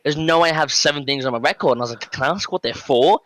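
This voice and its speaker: A man's voice: a little high, racing, no room sound. A young man with an Australian accent telling a story on a casual podcast, acting out the dialogue with lots of fillers. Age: young adult. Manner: animated, acts out dialogue, many fillers. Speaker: podcast guest.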